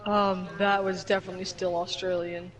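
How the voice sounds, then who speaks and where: A man's voice: high voice, flat delivery, moderate pace, fairly bright tone, low-quality recording. A man chatting casually with friends during a game, teasing and blunt. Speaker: gaming friend. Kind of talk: casual gaming chat.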